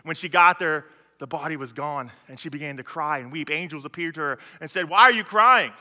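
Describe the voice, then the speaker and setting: A man's voice: a little high, brisk, bright, forceful tone. A man preaching a sermon, retelling Bible stories in casual slang with frequent restarts. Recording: long hall reverb.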